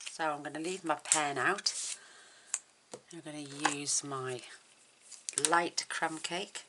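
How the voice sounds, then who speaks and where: A woman hosting a card-making tutorial, talking softly and admiringly as she works, often dropping to a near whisper. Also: low voice, fairly even intonation, takes it slowly, long pauses, background noise. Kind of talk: relaxed craft tutorial narration.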